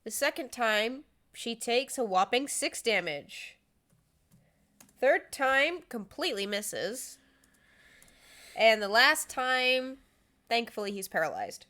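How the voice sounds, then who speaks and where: A woman running a tabletop game as game master, narrating in a brisk, blunt, teasing way. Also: a little high, expressive, sharp tone.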